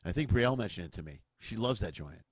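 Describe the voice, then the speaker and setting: A man's voice: lowish voice, lively intonation, quick pace, no room sound, studio quality. A middle-aged man from Chicago hosting a casual chat in an easygoing, enthusiastic way. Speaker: podcast host. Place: home, remote call.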